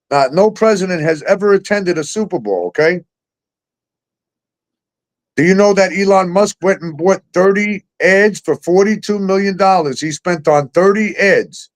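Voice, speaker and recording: Profane ranting man, higher voice. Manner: profane, incredulous, sarcastic ranting. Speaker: talk show host. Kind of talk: ranting conspiracy talk.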